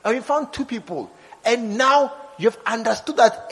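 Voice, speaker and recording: A preacher with a bright, high voice that leaps up and down as he acts out scenes for his congregation. His sermon rings through a hall with a long reverb tail. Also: expressive, normal speed. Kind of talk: lively sermon.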